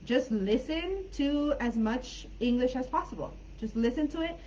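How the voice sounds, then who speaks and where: A woman's voice: high voice, expressive, moderate pace, a little mellow, muffled recording, slight background noise. A woman with a Californian accent, an English teacher talking through a live online class in a friendly, chatty way with plenty of fillers.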